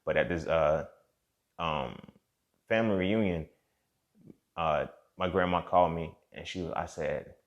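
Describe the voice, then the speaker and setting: A man's voice: deep voice, measured pace, pauses often, dull audio. A man hosting a show and telling a personal story in a casual, profane way, often speaking straight to the listener. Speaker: host.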